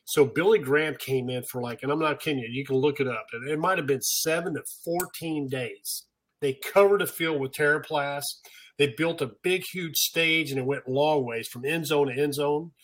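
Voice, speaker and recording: An older man with a slightly husky, fairly high voice spins a casual story as a podcast guest. He acts out the people he quotes, so his pitch jumps and his voice rises and falls with the tale. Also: normal speed, a bit bright. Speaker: podcast guest, pro turf manager.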